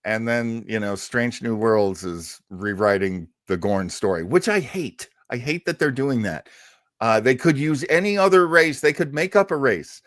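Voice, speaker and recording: A man's voice: medium pitch, lively intonation, moderate pace, a bit bright, dry recording, clean studio sound. A man co-hosting a casual review show, rambling and stumbling over his words with fan enthusiasm. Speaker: podcast co-host.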